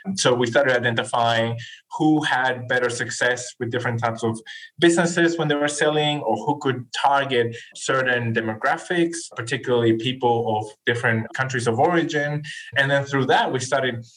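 A man of about forty from Chile, speaking English, guests on a podcast. He tells his story in a relaxed, animated way and slips into voices when he quotes people. His pitch is mid-range. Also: normal speed, rough recording. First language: Spanish. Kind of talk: casual interview storytelling.

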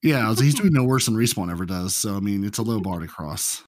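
A podcast co-host with a General American accent reads game patch notes, explaining the numbers matter-of-factly on a casual show. His fairly low voice is expressive and quick, captured in a dry, studio-quality recording.

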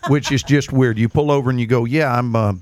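A man's voice: medium pitch, fairly even intonation, quick pace, noisy background. A man, a guest actor in a casual studio chat, telling playful stories. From Texas. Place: radio studio.

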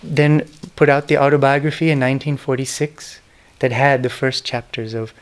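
Speaking at normal speed with flat delivery in a mid-range voice, a middle-aged man gives a reflective talk on spiritual history. He tells devotional stories in an earnest way, softly whispering the names he quotes.

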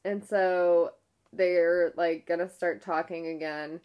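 Low-voiced young woman rambling through a story. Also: slow pace, clean tone, muffled recording. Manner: rambling, heavy use of "like", frequent restarts; retells a ghost-hunt episode with a hushed, animated tone. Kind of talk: casual storytelling.

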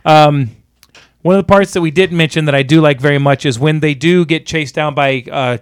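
A man's voice: a little high, moderate pace, clear, resonant tone, no room sound. A man co-hosting a casual movie review chat, retelling scenes with laughs. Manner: animated retelling of scenes with quoted voices and laughs. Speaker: podcast co-host.

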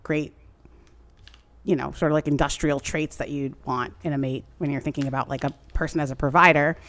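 Low-voiced woman chatting casually. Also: brisk. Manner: rambling, animated storytelling with many "like" fillers. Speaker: podcast co-host recapping a TV show. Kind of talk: casual chat.

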